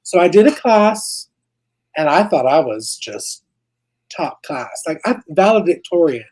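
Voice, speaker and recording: A woman's voice: fairly low pitch, sing-song, a little slow, a little mellow, poor audio. A young woman co-hosting a casual live chat, a chatty and self-mocking storyteller. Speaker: co-host of a ranch livestream.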